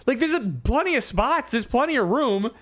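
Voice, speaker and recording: A man in his thirties co-hosting a comedy podcast, telling stories in a casual, animated way and acting out quotes. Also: very high voice, brisk. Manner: animated storyteller, acts out quotes. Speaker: podcast co-host.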